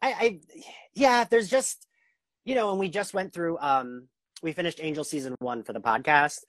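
A young woman with a low voice hosts a podcast interview over a video call, and the sound is dry and close. She talks in an enthusiastic, rambling way and leans heavily on "like". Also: moderate pace, no echo. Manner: enthusiastic, rambling, heavy use of "like". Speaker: podcast host. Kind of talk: casual interview chat.

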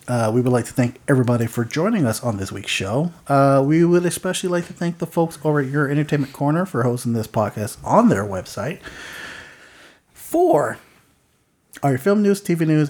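A man's voice: mid-range voice, darkish tone. A man hosting a casual podcast, telling stories in a rambling way with lots of fillers and chuckles. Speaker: podcast host.

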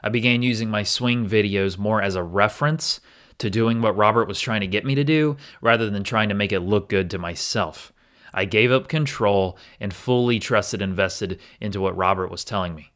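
Fairly low in pitch and a bit bright, his voice keeps a moderate pace as he hosts a solo podcast. He earnestly and candidly reflects on his own experience, occasionally restarting.

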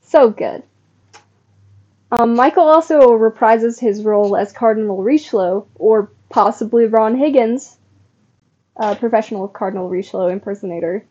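Woman podcast cohost, giggly and rambly, kinda high voice. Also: moderate pace, mellow, lo-fi sound. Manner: chatty, giggly, lots of fillers. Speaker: podcast co-host. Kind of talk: casual chat about a comedy show.

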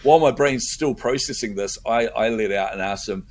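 A middle-aged man, a guest in a conversation, telling a story in an animated way and acting out his own inner voice. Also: mid-range voice, moderate pace, slight background noise.

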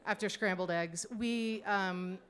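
A woman's voice: mid-range voice, takes it slowly, fairly bright tone. A woman telling a personal story in a conversational, wry way, full of asides and fillers. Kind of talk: personal storytelling, spoken monologue.

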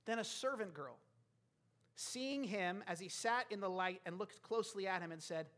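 High-voiced man preaching a sermon. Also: moderate pace, fairly bright tone. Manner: storytelling, acting out characters' lines.

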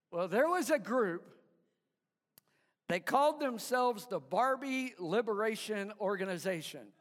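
Brief: male pastor, unhurried storytelling sermon, long hall reverb. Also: high-pitched, expressive, fairly bright tone. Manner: storytelling, chuckling, halting restarts.

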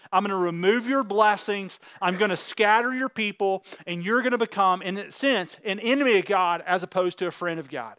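A man's voice: high voice, a bit bright, clean tone, no echo, studio quality. A man preaching a sermon, retelling scripture in plain everyday words with fervor. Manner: fervent, paraphrases scripture in plain talk. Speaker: pastor.

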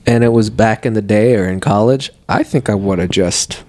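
A man's voice: on the low side, normal speed, warm tone. A man in casual chat, joking and playful in banter.

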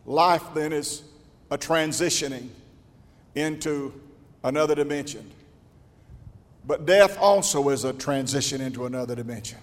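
An older man, pastoring and preaching a folksy storytelling sermon with a drawl that swells into shouting. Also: a little high, normal speed, pauses often. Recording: long church reverb.

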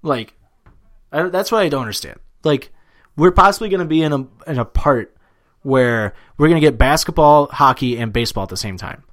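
A young man chatting casually about sports as a podcast co-host, animated and swearing freely, with plenty of fillers. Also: medium pitch.

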